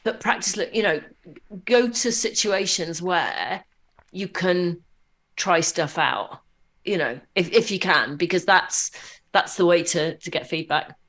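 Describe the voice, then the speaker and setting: A woman's voice: fairly low pitch, takes it slowly. Chatty woman telling anecdotes. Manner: animated anecdotes with frequent fillers and restarts. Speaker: podcast guest. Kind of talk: conversational interview storytelling.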